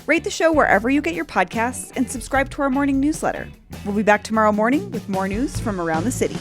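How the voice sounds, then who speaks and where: A woman hosting a local news podcast, with a bubbly, animated delivery. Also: a little high, quick pace, music in the background. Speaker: podcast host.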